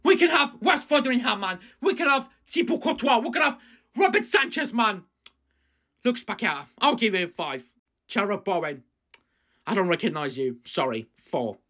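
A man with a husky, breathy voice rants through a reaction vlog. He swears freely and lurches between loud outbursts and low, muttered asides. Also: big pitch swings, moderate pace. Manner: ranting, swearing, swings from shouting to low mumbling. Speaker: fan reaction vlogger.

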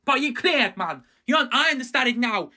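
A man ranting in a reaction vlog, swearing and swinging from angry shouts to low, sheepish mumbling. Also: big pitch swings, brisk. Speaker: fan reaction vlogger.

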